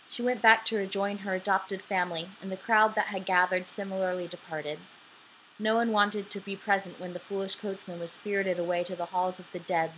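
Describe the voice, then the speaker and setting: A woman's voice: mid-range voice, a bit bright, slight background noise, low-quality recording. A young woman in her twenties reading a homemade audiobook into her laptop in her bedroom late at night, sleepy and casual, breaking off now and then to apologize. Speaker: audiobook reader. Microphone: laptop microphone.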